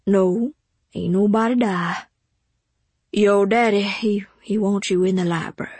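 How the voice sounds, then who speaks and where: Fretful, protective maid , read by a woman narrator; soft, coaxing, dry close sound. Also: mid-range voice, fairly even intonation, unhurried, husky, no room sound. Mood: urging.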